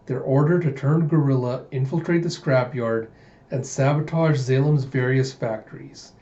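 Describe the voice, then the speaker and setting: A man's voice: medium pitch, steady tone, moderate pace, dark tone, echoey room, highs cut off. A man casually recapping a manga chapter by chapter in a chatty, enthusiastic storytelling manner. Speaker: manga read-through host.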